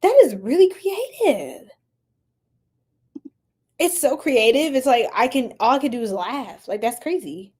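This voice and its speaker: A woman's voice: on the high side, lively intonation, unhurried, pauses often, husky. Playful laughing woman on a live stream. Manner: playful, laughs often, chats with the chat, exclaims loudly. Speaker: tarot reader streaming live. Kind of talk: casual live-stream chat with viewers.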